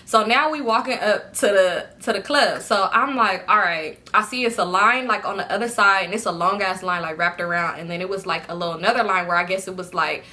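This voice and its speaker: A young woman telling a casual storytime to her viewers, animated and slangy, often breaking into laughter. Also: medium pitch, a little fast, few pauses.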